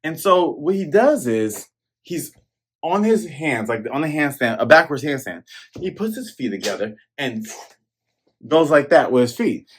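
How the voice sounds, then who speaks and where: A man recaps a comic chapter in a loose, chatty way. His pitch swings high and low as he acts out the fights with plenty of energy. He sounds like a host talking straight to his regular viewers. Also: measured pace, slightly rough. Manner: animated, excitable retelling that acts out scenes. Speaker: manga review host.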